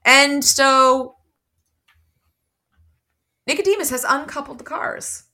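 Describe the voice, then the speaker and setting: A woman's voice: sits high, slow, bright, forceful tone. A woman co-hosting a book podcast, recapping the plot and reading dialogue passages aloud with light shifts between characters. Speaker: podcast co-host.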